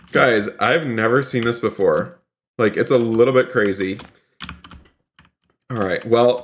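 A man streaming a role-play game live, excitable, talking to his chat and repeating himself. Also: mid-range voice, slight background noise. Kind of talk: live gameplay commentary.

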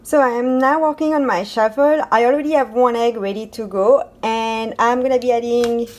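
A woman's voice: high voice, noisy background. A woman with a French accent, chatting upbeat through a casual cooking vlog with frequent ums. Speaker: vlogger.

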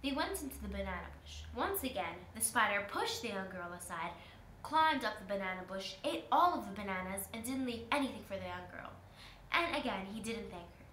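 A woman's voice: medium pitch, animated, brisk, pushed and bright. A woman student telling a folk tale aloud to her class, restarting and stumbling now and then. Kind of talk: storytelling to a class. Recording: echoey room, faint hiss.

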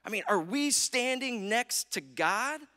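An American man preaching in a church, telling the story with feeling and often checking in with "right?". His voice sits high and swings widely. It rings with a long reverb from the sanctuary. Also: animated, a little slow, pushed and bright. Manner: storytelling preacher, acts out quotes, asks "right?". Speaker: pastor. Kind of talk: sermon.

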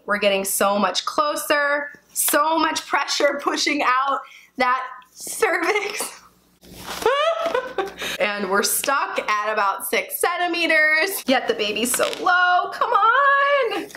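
A young woman, a birth educator, talking through a hands-on demonstration in an excited, laughing way, sometimes straining with effort. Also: high voice, a little slow, slight background noise, low-quality recording. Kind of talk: demonstration vlog.

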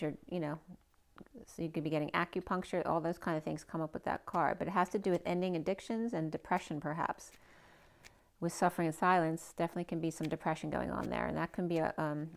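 A woman reading tarot cards aloud in a casual way, thinking out loud and asking the cards questions as she goes, her voice a little hoarse. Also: on the low side. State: a bit hoarse, losing her voice. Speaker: tarot card reader.

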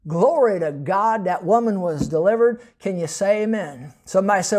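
A man's voice: high voice, lively intonation, normal speed, hardly any pauses, darkish tone. A man preaching a sermon as pastor, telling personal testimony stories with emphasis and occasional laughter. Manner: storytelling, emphatic, laughs between points.

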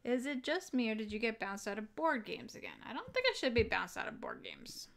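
A woman hosting a casual board game live stream, upbeat and quick to laugh as she cheers and greets viewers. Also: fairly high pitch, wildly swooping pitch, vocal fry, fairly bright tone.

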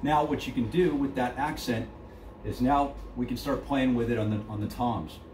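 In a drum studio, a middle-aged instructor with a medium-pitched voice talks at normal speed. His casual lesson is loose and full of fillers as he counts beats out loud, and the audio is noisy and echoey, captured from a distant mic.

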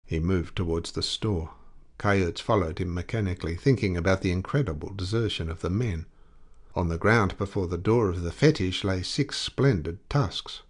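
A man narrating a classic short story as an audiobook, in a measured, deliberate way. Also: sits low, creaky, breathy edge. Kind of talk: scripted narration.

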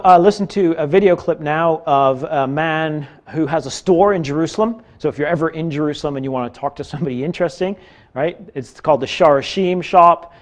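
A man teaching a Bible class, explaining in a casual, chatty way with frequent fillers. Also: medium pitch.

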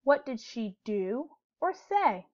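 A woman teacher leads a storybook lesson for young children, her voice lively and rising and falling with a higher pitch. She asks questions gently and clearly, and the recording sounds dull and lo-fi. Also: slow pace.

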